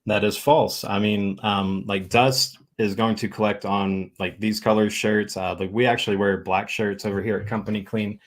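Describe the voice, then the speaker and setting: A man with a fairly low voice answers as a guest on a cleaning show. He is relaxed and halting, and he leans on fillers while he works out his answer. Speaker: cleaning company founder, guest. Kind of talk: casual interview answers.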